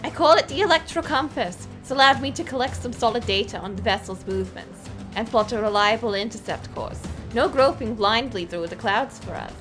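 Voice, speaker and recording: A woman voicing a chipper airship chief engineer in a bright, bouncy, emphatic way. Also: on the high side, animated, a little fast, few pauses, faint music behind.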